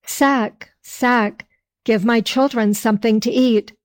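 A woman voicing a poor, simple, lazy peasant man in slow archaic speech. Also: fairly high pitch, fairly even intonation. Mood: hopeful.

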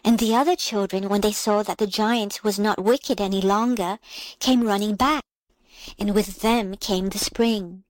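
A woman reads a fairy tale aloud in a calm, measured storybook style. Her voice sits in a middle pitch. The recording is dry and close, with no room sound around her. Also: no echo, rough recording. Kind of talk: storybook reading.

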